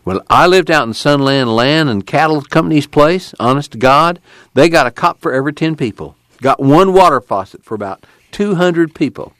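Sad earnest young migrant, read by a man, lively voice. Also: fairly high pitch, normal speed, no room sound, pitched above the performer's own voice.

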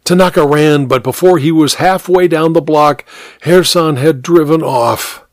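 A man narrating a mystery story in a measured, expressive reading. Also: on the high side, no room sound, clean studio sound.

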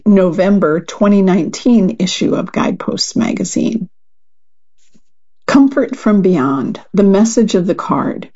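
A woman volunteer reader reading a magazine article aloud in a calm, measured way. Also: fairly low pitch, husky, highs cut off.

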